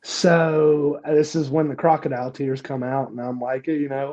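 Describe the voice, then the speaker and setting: A man's voice: medium pitch, steady tone, normal speed, few pauses, warm tone, muffled recording. A young man telling a personal story casually as a podcast guest, profane and self-mocking, with lots of fillers.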